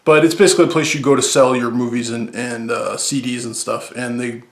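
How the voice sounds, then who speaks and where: A man's voice: medium pitch, fairly even intonation, fairly quick. A man hosting a movie podcast in a casual, rambling, upbeat way, often correcting himself mid-sentence. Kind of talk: casual solo chat. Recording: echoey room.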